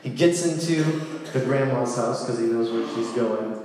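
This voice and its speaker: A man giving a casual, playful sermon, telling a story with lively asides. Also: medium pitch, moderate pace. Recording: echoey hall with long reverb.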